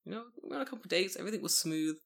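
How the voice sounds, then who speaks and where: Animated, bright-voiced swearing podcast man. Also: sits high, racing, gravelly. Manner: swears a lot, animated storytelling with silly voices. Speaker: podcast co-host. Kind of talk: casual podcast chat.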